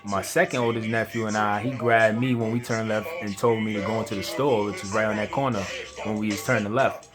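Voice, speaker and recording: A man's voice: on the low side, fairly even intonation, fairly quick. A young man telling a personal story in a slangy, rambling way, chuckling now and then. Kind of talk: casual storytelling. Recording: music playing behind.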